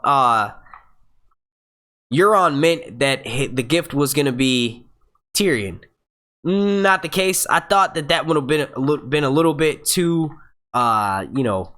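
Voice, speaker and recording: A man's voice: medium pitch, fairly bright tone. Hyped, profane young man streaming live. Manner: profane, hyped, urges viewers to like; halting, stutters and restarts. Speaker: livestream host. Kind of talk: casual live-stream chat.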